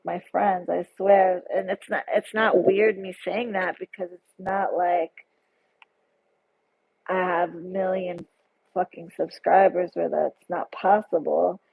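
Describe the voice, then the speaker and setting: Chatty woman hosting a live stream, gushes over viewer comments, tinny phone-like audio. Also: mid-range voice. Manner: chatty, effusive, reads viewer comments aloud. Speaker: tarot livestream host. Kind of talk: casual livestream chat reading comments. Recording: phone-like narrow sound.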